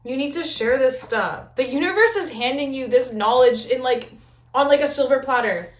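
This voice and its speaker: A young woman giving a casual pick-a-card tarot reading, talking fast and loose with lots of "like" and casual swearing. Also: sits high. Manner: chatty, frequent "like", swears casually. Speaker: tarot reader. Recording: echoey room.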